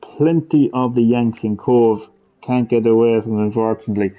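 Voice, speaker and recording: At a moderate pace and in a mid-range voice, a man hosting a gaming video gives blunt, rambling let's-play commentary, thinking out loud casually. Game music plays behind the lo-fi audio.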